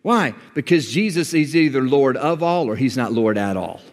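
A male pastor delivering a sermon in a church, moving from calm teaching to high, shouted emphasis. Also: moderate pace. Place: church sanctuary. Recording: long reverb of a large hall.

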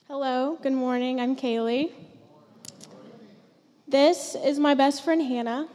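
Teen girl, heartfelt testimony, emotional, fairly high voice, church hall reverb. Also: fairly even intonation, takes it slowly, pauses often, dark tone. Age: teens. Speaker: student giving testimony. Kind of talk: personal testimony. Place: church sanctuary stage.

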